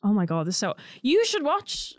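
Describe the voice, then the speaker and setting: A woman in her twenties co-hosting a podcast, chatting casually in an animated way and laughing often. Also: fairly high pitch, a little fast, no room sound. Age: 20s. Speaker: podcast co-host. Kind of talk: casual chat.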